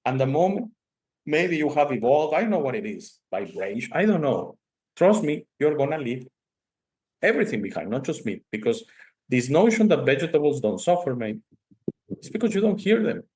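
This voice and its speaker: Here a Spanish-first-language male host talks at a moderate pace in a somewhat high voice. His casual conversation is full of animated, emphatic storytelling, with "okay?" tacked onto sentences again and again.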